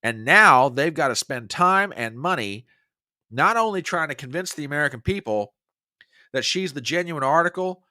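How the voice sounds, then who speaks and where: A man's voice: a little high, normal speed, no room sound, studio quality. A man hosting a conservative political show, giving emphatic, opinionated commentary and often restarting his sentences. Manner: emphatic and animated, with frequent restarts. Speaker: host of a conservative political podcast.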